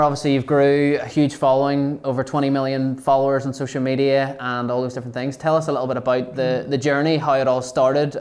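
A man's voice: mid-range voice, a little mellow. Upbeat male podcast host. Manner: upbeat, lots of "yeah" and "obviously". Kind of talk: casual interview chat.

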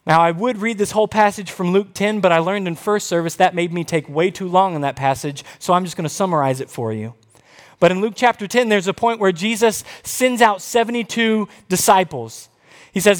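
A man preaching a sermon, telling Bible stories with animated quoted voices. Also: sits high. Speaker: pastor. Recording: long reverb of a large hall.

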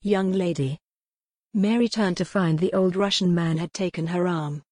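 An audiobook is narrated by a woman whose pitch sits fairly low; she reads the script evenly and deliberately, with no echo.

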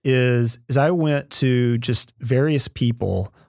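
Measured man explaining, dry close mic. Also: medium pitch, gravelly, no echo. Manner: measured, explains step by step with acted-out quotes. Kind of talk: conversational podcast advice.

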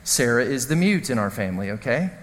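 A man preaching a sermon as the pastor, telling stories in an animated, self-mocking way. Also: medium pitch, quick pace, long reverb tail. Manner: storytelling, animated, self-deprecating.

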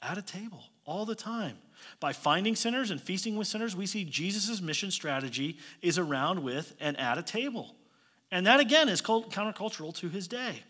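Bright-voiced male pastor preaching in a hall. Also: high voice, lively intonation, moderate pace. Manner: conversational, asks listeners pointed rhetorical questions; light joking asides. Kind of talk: sermon. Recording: long reverb of a large hall.

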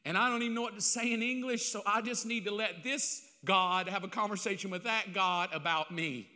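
Self-mocking older pastor in a hall. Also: male voice, high-pitched, fairly quick. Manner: confessional, self-mocking, swings between loud and hushed. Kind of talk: storytelling sermon.

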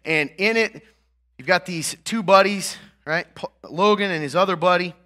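A pastor with a high voice preaches a sermon at normal speed, talking conversationally and often checking in with "right?" and "okay?" He builds up to emphatic, louder peaks.

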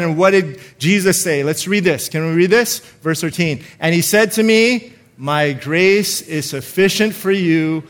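Man, preacher, sermon, fairly high voice, emphatic, call-and-response. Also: a bit bright. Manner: emphatic, calls for congregation responses, slows to stress scripture.

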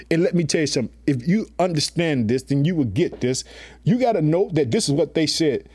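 Emphatic preacher man, fairly high voice. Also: expressive, brisk, a little mellow, husky. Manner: emphatic, repeats "guess what" and "let me tell you something"; colloquial, calls listeners family. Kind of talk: sermon.

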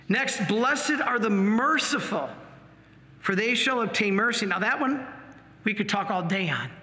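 A man, a priest, preaching a sermon in an earnest, animated way. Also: sits high. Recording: long hall reverb.

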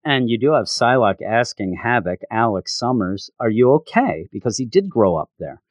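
A man talks through a comic book issue in a loose, rambling recap. His pitch moves a lot as he goes, and the sound is dry and close. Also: normal speed, no echo, highs cut off. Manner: rambling, animated. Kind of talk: casual recap.

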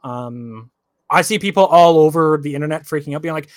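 A man's voice: on the high side, quick pace, no room sound, studio quality. A man co-hosting a sports podcast, talking casually and ranting with lots of repeated words. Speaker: podcast co-host.

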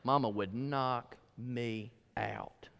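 A male pastor preaching a sermon, telling folksy stories and switching from loud emphasis to hushed asides. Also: medium pitch, steady tone, very slow, vocal fry, a little hiss or hum. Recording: echoey hall.

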